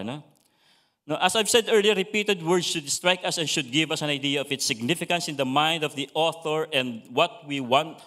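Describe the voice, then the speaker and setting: Filipino-accented male preacher, bright voice, code-switching, chatty tag questions. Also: on the high side. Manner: mixes English and Filipino, frequent tag questions. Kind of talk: Bible teaching.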